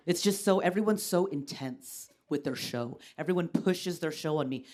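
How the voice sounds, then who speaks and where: A woman in her thirties doing a stand-up comedy set on a TV stage, wry and exasperated, acting out the people she quotes at a louder pitch. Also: normal speed, slight background noise. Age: 30s. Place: television studio stage. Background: studio audience laughter.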